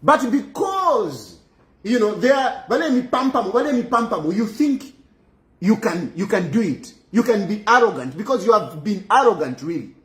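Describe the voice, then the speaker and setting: A man's voice: high voice, big pitch swings, a little slow, echoey room. Guy ranting about politics, repeats himself a lot, voice jumps all over. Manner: emphatic, repetitive, mixes English with local phrases. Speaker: political commentator. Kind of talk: animated political commentary.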